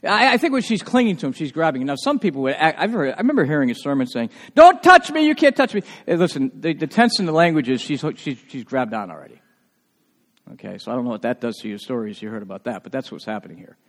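A man preaching a sermon as pastor, telling stories in an animated way and often restarting his words. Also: medium pitch, quick pace, in a large hall. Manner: animated storytelling with frequent restarts.

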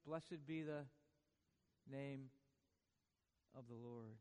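A man preaching a sermon in a church, swinging from hushed lines to booming ones with joking asides. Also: very slow, clean tone, long reverb tail. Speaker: pastor.

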